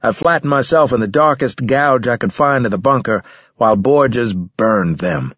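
A husky male voice tells a first-person story in a steady, measured delivery with a grim weight. The recording is dry and a touch muffled, with no room sound around him. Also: medium pitch, dry recording. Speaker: audiobook narrator. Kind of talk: first-person scripted narration.

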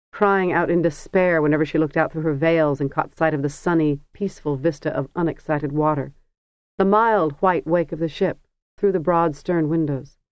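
An audiobook narrator reading a fantasy story in a measured, even storytelling manner. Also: mid-range voice, no room sound. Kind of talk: scripted narration. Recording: dry, dull lo-fi recording.

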